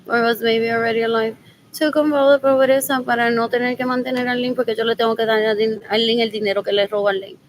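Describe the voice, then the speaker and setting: Woman vlogging on the go, rambly, switches languages, kinda high voice, faint street hum. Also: little pitch movement, quick pace, poor audio. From Puerto Rico. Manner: rambling, mixes English and Spanish, repeats "what else" over and over. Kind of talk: rambling personal vlog. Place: out and about running errands.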